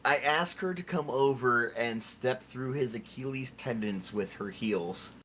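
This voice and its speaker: A man's voice: medium pitch, measured pace, pushed and bright. A man taking his turn in a tabletop game, describing his character's actions in first person with hesitant restarts. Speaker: player. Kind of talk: tabletop game role-play.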